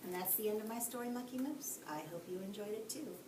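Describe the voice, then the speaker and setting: A woman teacher reading a bedtime story aloud, expressive, with friendly asides to young listeners. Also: medium pitch, fast. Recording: echoey room, distant mic, faint hiss.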